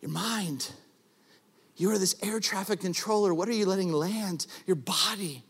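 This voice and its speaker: Man, pastor, sermon, high voice, animated storytelling, self-deprecating jokes, shouts for emphasis. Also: moderate pace, husky.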